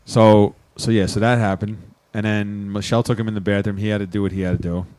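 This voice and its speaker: A young man with a somewhat low voice tells a rowdy story on a podcast. He swears constantly and laughs along with his own tale. The sound is dry and close. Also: fast talker, dry recording. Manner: profane, animated storyteller, laughs often. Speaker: podcast co-host. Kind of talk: casual storytelling chat.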